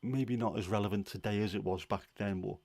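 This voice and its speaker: This is casual livestream chat from a man with a lilting, fairly low voice. He's openly opinionated and a little rambly, often stopping on an "um" mid-thought. The sound is close-miked and dry, without any room reverb.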